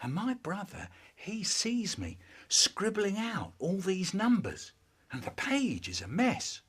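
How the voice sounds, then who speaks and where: A man performing a childhood story in an expressive, theatrical way, with acted-out voices. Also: sits high, slow pace, slightly rough.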